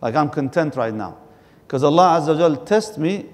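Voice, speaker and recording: A man's voice: on the high side, expressive, normal speed. Male scholar, sermon delivery, rhetorical questions, recites Arabic; long hall reverb. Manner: explains by asking and answering questions, recites Arabic. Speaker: Islamic scholar. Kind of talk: religious lecture.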